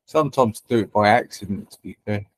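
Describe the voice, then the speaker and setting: A man's voice: on the low side, fast, dry recording. A man hosting a livestream, chatting casually and teasing viewers with banter and swearing. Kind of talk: casual chat.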